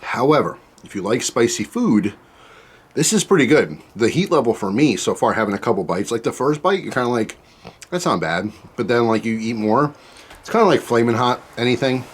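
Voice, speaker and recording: A man's voice: medium pitch, expressive, fairly quick, breathy edge. A man tasting spicy soup on camera, talking in a chatty, rambling way with lots of fillers while his mouth burns from the heat. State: mouth burning from spicy food. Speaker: food reviewer. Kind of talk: casual taste-test vlog.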